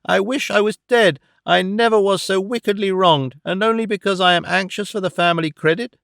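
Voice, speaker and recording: A man reading an audiobook voices a tearful, self-pitying young woman, speaking high and hurried through sobs. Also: fairly even intonation, creaky, fairly bright tone, clear, resonant tone, dry recording, studio quality. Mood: sobbing protest.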